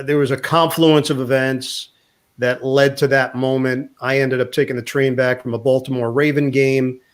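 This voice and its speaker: A man, a sports broadcaster, telling an animated anecdote in a casual interview and quoting people along the way. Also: medium pitch. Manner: animated anecdote teller, quotes others in voices.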